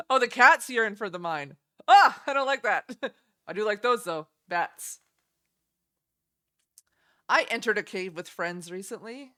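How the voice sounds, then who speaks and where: A woman's voice: a little high, expressive, slow pace, pauses often, sharp tone. A young woman streaming, chatting casually and giggling as she reacts to game trailers. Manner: chatty, giggly, easily delighted.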